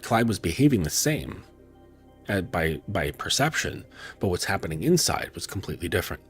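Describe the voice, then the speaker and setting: Brief: male dating coach, loose rambling storyteller, deep voice. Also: very animated, moderate pace, soft background music. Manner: rambling, with frequent fillers and profanity. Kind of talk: casual storytelling talk.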